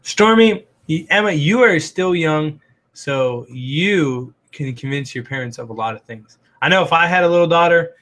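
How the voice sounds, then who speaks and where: Raspy man chatting casually on a livestream. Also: on the high side, animated, normal speed, a bit bright. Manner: rambling, heavy on "um" and "like"; reads viewer comments and answers them. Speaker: livestream host.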